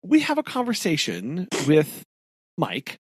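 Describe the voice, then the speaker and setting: Man with a lively voice, explaining. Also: a little high, husky, no echo. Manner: explains plot in halting restarts. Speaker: podcast co-host. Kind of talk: casual chat recapping a book.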